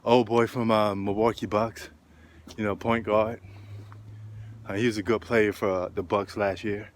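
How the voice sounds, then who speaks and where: A slightly low-voiced man rambles about basketball as he walks up a hill outdoors, short of breath and filling pauses with ums. Faint traffic and street air sit behind him. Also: level tone. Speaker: sports vlogger. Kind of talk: casual walking vlog. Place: outdoors on a street, walking uphill.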